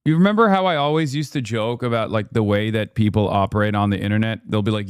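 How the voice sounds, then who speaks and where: A man's voice: fairly low pitch, fast talker, few pauses, clear, resonant tone, dry recording, studio quality. A man from the United States hosting a livestream, giving casual, sarcastic commentary in an offhand way. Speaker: livestream host and political commentator.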